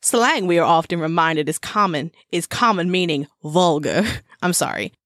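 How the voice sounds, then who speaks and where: A woman co-hosts a casual podcast, reading from an old book and breaking into wry comments and laughter. Her voice moves a lot in pitch. The sound is dry and close to the mic. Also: normal speed, no echo. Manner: animated, laughing, wry asides while reading. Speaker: podcast co-host.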